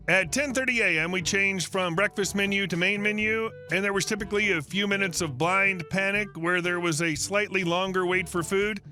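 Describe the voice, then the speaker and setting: A man reading online stories aloud as a channel's narrator, in a steady scripted storytelling manner. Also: sits high.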